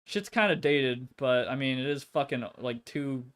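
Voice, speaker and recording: A man's voice: mid-range voice, moderate pace, a bit bright, a little hiss or hum. A man hosting a casual gaming stream, rambling and swearing a lot with plenty of filler words. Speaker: streamer host.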